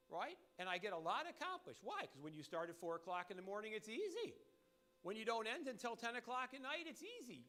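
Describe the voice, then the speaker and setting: A man giving a motivational sales training talk, animated and emphatic, repeating his key points. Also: sits high.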